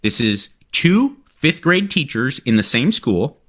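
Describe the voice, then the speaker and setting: Expressive man in his forties, storytelling. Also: mid-range voice, slow pace. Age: 40s. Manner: storytelling, acts out quotes. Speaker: podcast co-host. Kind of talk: casual chat.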